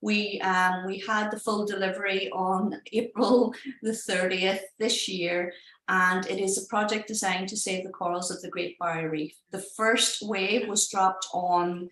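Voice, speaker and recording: An Irish woman, a project founder, telling a story in casual, animated talk and acting out the people she quotes. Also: mid-range voice, unhurried, echoey room, rough recording. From Ireland. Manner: animated, acts out voices in quotes.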